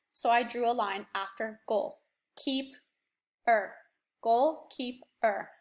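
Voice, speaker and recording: A young woman with a fairly high voice teaches a remote phonics lesson to children. She is patient and encouraging. She sounds words out slowly, bit by bit. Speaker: primary school teacher.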